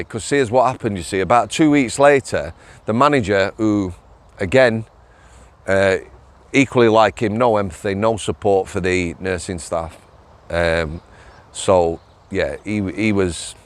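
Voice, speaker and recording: A man tells a story in loose, chatty vlog style. His voice sits on the low side, he laughs often, and he keeps checking in with "yeah?". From England. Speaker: former prison officer vlogger. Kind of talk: casual storytelling monologue.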